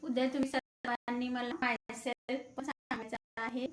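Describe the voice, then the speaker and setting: A woman English teacher whose first language is Marathi, giving brisk instructions to her class. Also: on the high side, little pitch movement, background noise. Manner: brisk, directive teacher talk.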